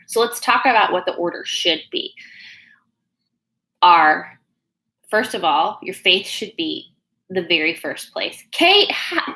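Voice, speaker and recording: A woman's voice: lowish voice, bright, forceful tone, poor audio. A woman from Oklahoma with a Southern accent, a business coach chatting casually and bubbly on a livestream, rambling with fillers. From Oklahoma, USA. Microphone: no external mic plugged in.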